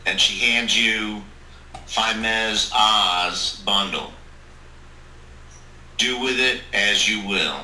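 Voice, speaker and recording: A man voicing a calm, solemn woman adventurer in a tabletop role-play, with a measured delivery. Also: lowish voice, exaggerated voice. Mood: grave. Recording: roomy, distant mic, faint hiss.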